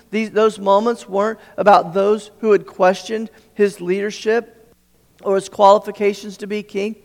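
A man's voice: high-pitched, creaky. A man preaching a sermon, retelling a story earnestly and often restarting his phrases. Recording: long hall reverb.

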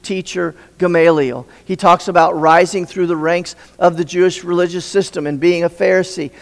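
A male pastor preaches in a storytelling manner, stopping to put questions to his listeners. His voice is fairly high and gravelly. The sound rings with a long reverb from a large hall. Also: fairly even intonation, normal speed. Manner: storytelling, asks the audience questions. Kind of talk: sermon.

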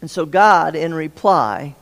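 A man's voice: a little high, animated, slow pace, creaky, fairly bright tone. A man preaching a sermon, often stammering and repeating words as he acts out the dialogue he quotes. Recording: long hall reverb.

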